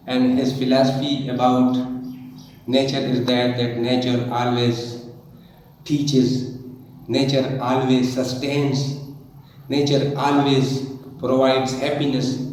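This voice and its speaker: Guy teaching a poem, real slow, repeats himself, mellow voice. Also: mid-range voice, a little hiss or hum. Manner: repeats phrases, slow and deliberate. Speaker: English teacher. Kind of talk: classroom lecture on a poem. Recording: echoey room, mic far off.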